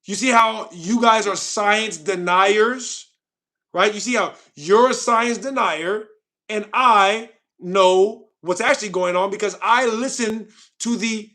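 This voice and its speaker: A man's voice: high voice, sharp tone. A young man hosting a casual livestream, ranting at and mocking his chat. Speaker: livestream host.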